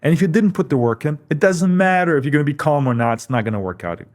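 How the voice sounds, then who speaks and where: A man's voice: on the high side, lively intonation, fast, a little mellow. A man, a company founder, telling his story in a casual interview. He reflects as he goes and repeats words for emphasis. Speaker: company founder, podcast guest.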